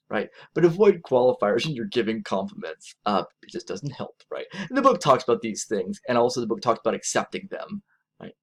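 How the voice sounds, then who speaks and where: A man giving a recorded lecture in a conversational, animated way, often ending points with "right?". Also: brisk. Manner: animated, conversational, acts out quotes in a higher voice; frequent "right?" tag questions.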